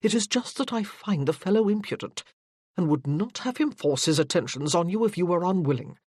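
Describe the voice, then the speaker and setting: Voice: medium pitch, expressive, brisk, darkish tone, dry recording, studio quality, close to an everyday voice. A narrator voicing a jealous, irritated young army captain in an audiobook. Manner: irritated and stiff. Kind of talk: audiobook character voice.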